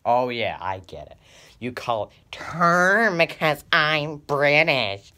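A man's voice: fairly high pitch, big pitch swings, slow, sharp tone. A man with a Northern Irish accent in a comedy sketch, exasperated and muttering asides. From Northern Ireland.

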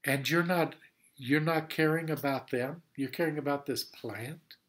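A man's voice: on the high side, fairly even intonation, a little slow, a bit bright. A man teaching a Sunday school Bible lesson in an earnest, explanatory way, repeating points for emphasis.

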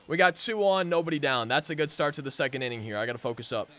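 A young man commentating his own baseball video game, swinging between frustrated groans and loud hype. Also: on the high side, fast. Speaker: gaming channel host. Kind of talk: live gameplay commentary.

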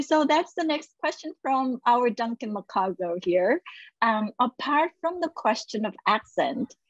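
A woman's voice: a little high, dry recording. A woman moderating a webinar Q&A, reading out audience questions and affirming the speaker. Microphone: video call. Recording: dry, muffled video call.

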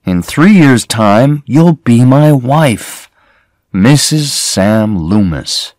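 A man reading the lines of a gentle young man who calmly reasons with his lover. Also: extremely slow, no room sound, clean studio sound. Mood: reasoning. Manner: soft and calm, slightly lowered.

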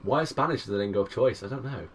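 A man in his twenties streaming a game live, excitable and chatty, greeting viewers by name. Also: fairly low pitch, fast talker, far from the mic, a crowd in the background. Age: 20s. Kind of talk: live gaming stream commentary.

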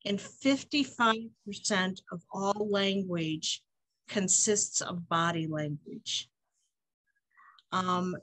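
A woman's voice: medium pitch, a bit bright, dry recording, rough recording. A woman leading a conference workshop on support groups, talking earnestly and asking the group questions. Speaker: workshop facilitator.

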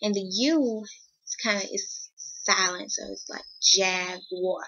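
Slow, bright-voiced woman teaching phonics. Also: medium pitch, slightly rough, muffled recording. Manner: stretches out letter sounds, patient and encouraging. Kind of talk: slow phonics lesson for young children.

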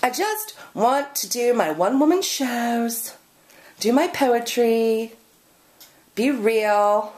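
A woman's voice: on the high side, lively intonation, slow, a little mellow. A woman poet ranting sarcastically in a casual video blog. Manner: exasperated, sarcastic. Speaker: poet and performer.

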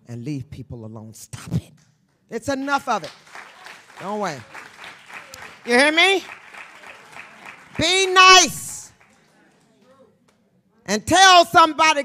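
A woman in her sixties, an author guest on stage at a live book event, talking to the audience in a brash, profane, stand-up style, swinging from shouts to hushed near-whispers. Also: medium pitch, lively intonation, unhurried, pauses often, some chatter behind. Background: faint audience murmur and laughter.

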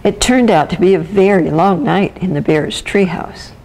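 A woman volunteer reading a children's picture book aloud with gentle, expressive storytelling. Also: lowish voice, normal speed, rough recording. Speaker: volunteer reader.

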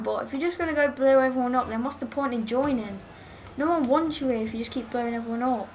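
A woman gives live gameplay commentary into a headset mic. Her voice sits high and she talks quickly and chattily, often exasperated and scolding a teammate. A faint background hiss runs underneath. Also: a little mellow. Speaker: game streamer.

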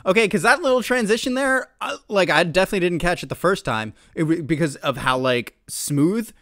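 A man hosting a music reaction video, excitable, swearing freely and breaking into shouts. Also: high voice, fairly quick, no echo, clean studio sound. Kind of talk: casual reaction commentary.

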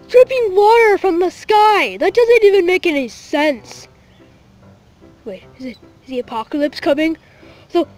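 In a fan cartoon, a woman voices a childish, grumpy male pig king who shouts and repeats himself with whiny sighs. Her voice is very high.

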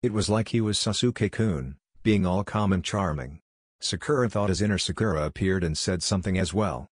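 A man reading a fan-fiction story aloud as narrator, in an even, unhurried way. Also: sits low, slightly rough, no echo, clean studio sound.

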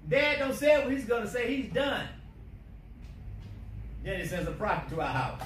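A man preaching a sermon, emphatic, swinging between quiet asides and shouting. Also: very high voice, sing-song, moderate pace. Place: church sanctuary. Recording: echoey church from a distance, faint hiss.

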